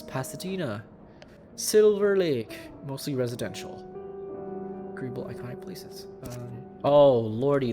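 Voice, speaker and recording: A man casually commentating a detective video game, muttering and thinking aloud. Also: mid-range voice. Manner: casual, chatty, mutters to himself. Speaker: gaming YouTuber. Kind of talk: let's play commentary and reading character lines. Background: game music.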